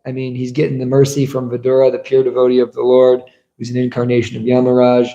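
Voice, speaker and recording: In a temple hall, a man gives a scripture class as a sermon, telling stories and posing rhetorical questions to his audience. His medium-pitched voice is monotone and fast, and the recording is muffled, noisy, and echoey.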